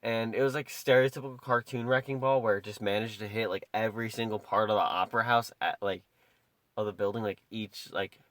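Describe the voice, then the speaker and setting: A young man with a fairly low voice rambles through stories in casual podcast chat, filling his talk with "like". His voice is recorded close and dry, with no room sound. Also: steady tone, a little fast, a bit bright, dry recording. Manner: rambling, filler-heavy storytelling with many "like"s. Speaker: podcast co-host.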